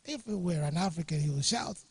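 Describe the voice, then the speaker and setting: A man's voice: on the high side, animated, fairly quick, darkish tone, slightly rough, no room sound. A middle-aged man from Ghana, telling jovial anecdotes and chuckling as he speaks. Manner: jovial storyteller, chuckling often. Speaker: guest speaker. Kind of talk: anecdotal talk to a workshop audience. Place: studio or workshop room.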